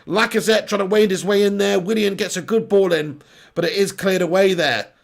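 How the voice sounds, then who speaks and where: A man hosting a live football watch-along, chatting casually, reading out viewer comments and breaking into excited play-by-play. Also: sits high, brisk, creaky.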